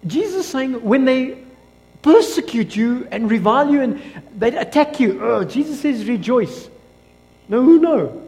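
A South African man preaching a lively sermon as pastor in a church, joking and calling out for amens. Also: very high-pitched, a little slow. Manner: energetic, joking, builds to loud exclamations, calls for amens. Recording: long reverb of a church hall.

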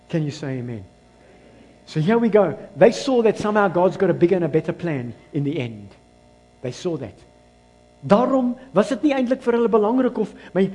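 A South African man preaching a sermon, swinging between loud exclamations and low, quiet asides, and dropping into Afrikaans phrases. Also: poor audio. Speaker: pastor.

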